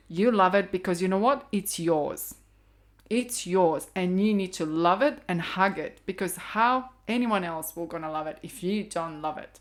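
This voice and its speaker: A woman's voice: fairly low pitch, normal speed. A middle-aged woman with a Croatian accent, talking earnestly as a podcast guest and life coach, stressing and repeating her key points. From Balkans. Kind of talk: casual podcast conversation.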